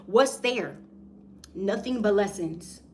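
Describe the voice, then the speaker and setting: A woman's voice: medium pitch, animated, slow pace, slight background noise. A young woman giving a casual tarot reading to her viewers, slangy and emphatic, often tagging lines with "okay?". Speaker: tarot reader.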